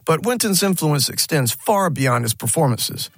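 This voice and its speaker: A man's voice: on the high side, expressive, moderate pace, a bit bright, no room sound. A man hosting a short scripted radio segment with a polished, enthusiastic announcer delivery. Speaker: radio host.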